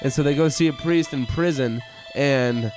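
A man's voice: mid-range voice, moderate pace, darkish tone, faint music behind. A young man co-hosting a podcast, rambling through a crude made-up story in casual chat. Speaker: podcast co-host.

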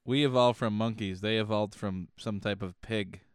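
A male podcast co-host trading crude, joking banter. His voice is smooth and clear. The sound is close and dry, with no room around it. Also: lowish voice, steady tone, normal speed, no echo. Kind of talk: casual chat.

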